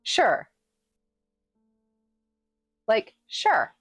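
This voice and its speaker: A woman's voice: mid-range voice, measured pace, pauses often, no room sound, faint music behind. Playful, laughing woman streamer. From New England. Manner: playful and sassy, laughing often. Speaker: livestreamer and author reading her novel. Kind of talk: casual live-stream chat with viewers.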